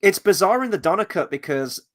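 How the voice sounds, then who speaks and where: A man with a somewhat high voice hosts a relaxed film review chat. He talks in a chatty, animated way and tells stories. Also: brisk. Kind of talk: casual film discussion.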